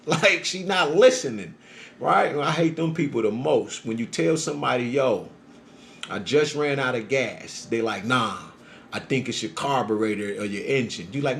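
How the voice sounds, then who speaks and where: A man telling a story in casual, profane street talk, often checking in with "right?", moving between a low calm murmur and loud heated bursts. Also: normal speed, creaky. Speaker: storyteller recounting his experience. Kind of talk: casual monologue.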